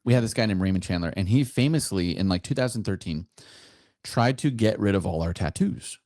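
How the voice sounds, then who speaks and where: A man's voice: deep voice, animated, brisk, darkish tone, dry recording, clean studio sound. A man who is a soldier, chatting as a podcast guest, hesitant with many fillers. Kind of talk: casual interview chat.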